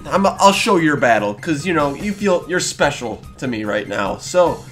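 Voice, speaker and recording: A young man hosting a let's play, commenting on the game as he plays, chatting to the characters on screen with quick exclamations. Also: a little high, big pitch swings, a bit bright, soft background music.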